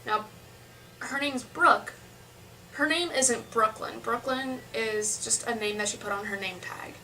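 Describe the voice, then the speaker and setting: Young woman rambling through a work story, kinda high bright voice, sounds a bit far from the mic. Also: a little slow, slight background noise. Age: young adult. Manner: chatty, rambling with restarts and asides. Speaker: vlogger. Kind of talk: casual storytelling to camera.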